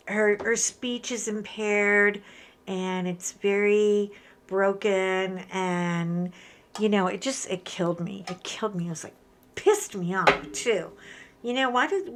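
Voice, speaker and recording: A woman in her fifties chats at her craft table in a candid, conversational way. Her voice sits at an ordinary middle pitch and is close-miked in a home craft room. She gets more animated and heated as her story goes on. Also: measured pace. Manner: chatty and candid, animated retellings with rising emotion. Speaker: craft channel host. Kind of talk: casual chat while crafting.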